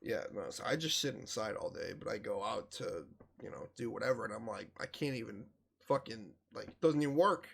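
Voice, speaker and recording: A man's voice: on the low side, a little fast, creaky. A man hosting a gaming podcast, telling stories in casual, profane chat. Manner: profane, animated storytelling. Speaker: podcast host.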